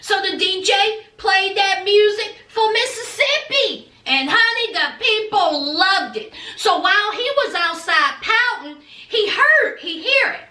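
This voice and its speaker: This woman vlogger has a very high, bright, forceful voice and talks a little slowly, barely pausing as she dramatically recaps a TV episode. Calling her listener "honey" and "child" again and again, she performs the characters' lines in a lively, casual way. Her audio is roomy, with her well back from the mic.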